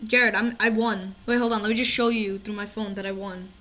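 A man's voice: high voice, fairly even intonation, brisk, pushed and bright, a little hiss or hum. A teenage boy chatting casually while playing a game, teasing his friend and bragging with lots of stumbling restarts. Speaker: Minecraft player. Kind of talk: casual gameplay chat.

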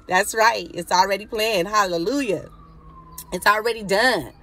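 A woman's voice: mid-range voice, takes it slowly, pushed and bright. A woman preaching fervently over a phone live stream, casual and exhorting, with constant cries of hallelujah. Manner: fervent, repeating hallelujah, casual Southern-style speech.

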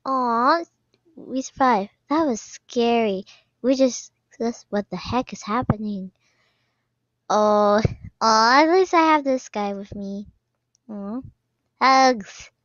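A woman commenting on a game as she plays, excitable, often squealing and laughing. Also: a little high, takes it slowly, long pauses, no echo. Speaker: gaming video creator. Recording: slightly dull lo-fi sound, dry.

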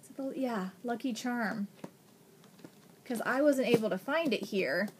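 A woman from Ohio gushes through a gift unboxing in an excited, breathy manner with frequent gasps. Her voice sits a little high and she talks at an unhurried pace. Faint background noise runs under the casual home recording. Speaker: vlogger.

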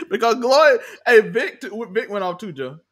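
A young man co-hosting a casual TV recap chat, animated and laughing often, acting out the characters' lines. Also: high voice, husky. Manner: animated, laughing, acts out quotes in character voices. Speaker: show co-host.

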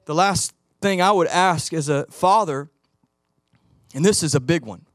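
A middle-aged man preaching a sermon as pastor, telling animated stories and acting out the voices in them. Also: a little high, unhurried, no room sound, clean studio sound. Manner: animated storytelling, acts out quoted voices.

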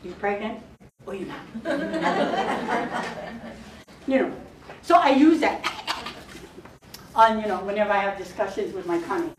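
A woman's voice: mid-range voice, measured pace, pauses often, noisy background. A woman from Hawaii with a Hawaiian Pidgin-tinged accent, a spiritual teacher leading an informal workshop talk in a chatty, playful way, laughing often and mixing in Hawaiian words. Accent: Hawaiian Pidgin-tinged English. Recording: echoey room, distant mic, faint ambience.

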